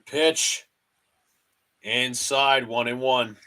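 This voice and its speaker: A man calls a baseball game pitch by pitch for a live fan stream, his voice bright and forceful. He talks in short, clipped phrases, like a broadcast announcer. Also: steady tone, drawn-out words. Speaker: play-by-play host of a fan stream. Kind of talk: live fan play-by-play commentary.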